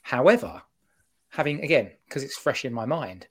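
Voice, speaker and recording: A man giving his opinion in a casual football podcast chat, rambling and animated. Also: medium pitch, moderate pace, husky. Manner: animated, rambling fan talk.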